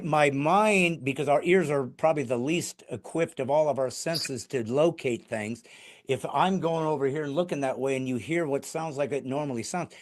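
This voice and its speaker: A man hosting a podcast, asking excited, rambling questions about ventriloquism. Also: medium pitch. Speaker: podcast host and comedian. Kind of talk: casual podcast interview.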